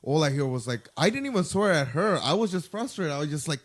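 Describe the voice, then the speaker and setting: A man's voice: fairly high pitch, sing-song, quick pace. A man co-hosting a podcast, telling stories in a laid-back casual chat with frequent swearing. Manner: laid-back, profane storytelling. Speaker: podcast co-host.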